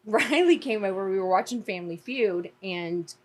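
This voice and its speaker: A woman's voice: mid-range voice, animated, normal speed. A woman hosting a podcast, telling rambling stories in casual chat. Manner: chatty storyteller, drawling, rambling with filler words. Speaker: podcast host.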